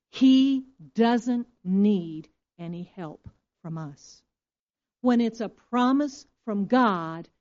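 A woman's voice: medium pitch, a little mellow. A woman pastor preaching a sermon with emphatic delivery and frequent rhetorical questions. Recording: dull lo-fi recording.

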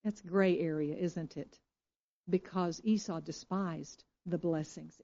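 A woman's voice: lowish voice, fairly even intonation, takes it slowly, warm tone. A woman pastor preaching a sermon with emphatic delivery and frequent rhetorical questions. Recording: dull lo-fi recording.

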